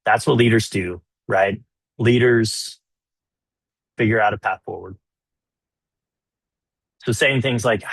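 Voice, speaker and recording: A man's voice: on the low side, slow pace, creaky, long pauses, fairly bright tone, breathy edge, no echo. A man coaching on marriage in a webinar, talking conversationally and often checking in with "right?". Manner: acts out example dialogues. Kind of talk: webinar teaching.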